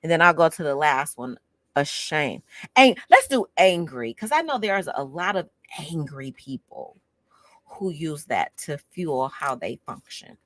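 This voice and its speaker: A woman reads from a self-help book, dropping sassy, chatty asides as she goes. Her voice sits a little low yet swings up and down a lot. It is recorded close and dry, with no room sound. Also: sing-song, a little slow, fairly bright tone, no room sound. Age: 50s. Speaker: book club host reading aloud. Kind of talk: casual reading with commentary.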